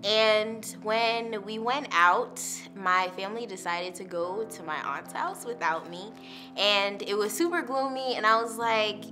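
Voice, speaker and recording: A young woman, a university student, shares her personal testimony candidly and casually, peppering it with "like" and "literally." Her mid-range voice is unhurried, with music playing in the background.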